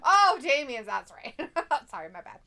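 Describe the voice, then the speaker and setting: A woman's voice: sits high, very animated, normal speed, sharp tone. A woman co-hosting a casual live stream, reading out viewer comments, giggling often, swearing freely and joking that she will cry. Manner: giggly, swears freely, jokey mock-crying.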